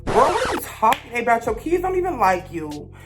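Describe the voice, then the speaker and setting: A woman's voice: fairly high pitch, big pitch swings, brisk, over music. A young woman, telling a blunt, gossipy storytime rant as a vlogger.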